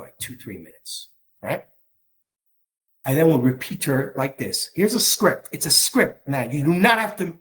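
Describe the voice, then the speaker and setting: A male relationship coach teaching a workshop, his pitch rising and falling a lot as he drives his points home. He repeats himself for emphasis and acts out little scripts of what to say. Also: a bit bright. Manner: emphatic and repetitive, talks straight to the men; acts out short dialogue scripts.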